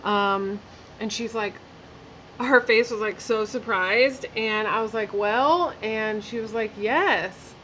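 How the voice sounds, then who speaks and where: A woman's voice: fairly high pitch, takes it slowly, pushed and bright, dull audio, slight background noise. A woman telling a personal story in a casual vlog while doing her makeup, chatty and candid, full of fillers and blunt swearing. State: emotional, near tears. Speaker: vlogger.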